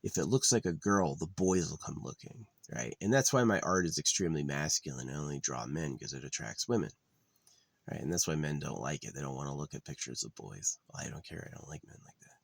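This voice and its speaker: A man's voice: extremely low pitch, lively intonation, brisk, creaky, no room sound. A man talking in a rambling, profane vlog monologue, full of fillers. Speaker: vlogger.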